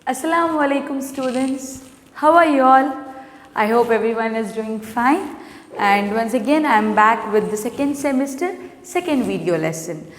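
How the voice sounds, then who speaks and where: A woman's voice: fairly high pitch, animated, slight background noise. A woman teacher giving an online lesson, asking her class questions. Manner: asks the class many questions, slow and clear. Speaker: primary school English teacher. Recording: echoey room with long reverb.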